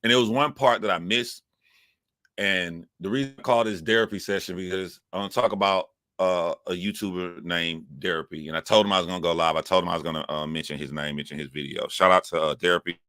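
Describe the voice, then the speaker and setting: A man's voice: sits low, quick pace, sharp tone, no room sound, studio quality. A man hosting his own livestream, talking casually and rambling with frequent restarts into his phone. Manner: rambling, self-correcting, chatty. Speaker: YouTube livestream host.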